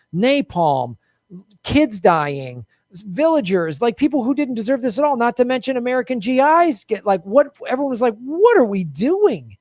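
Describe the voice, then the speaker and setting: Animated indignant man, dry close mic. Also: extremely high pitch, no room sound. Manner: animated, indignant, mocking voices in quotes. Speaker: podcast host. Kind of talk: casual political chat.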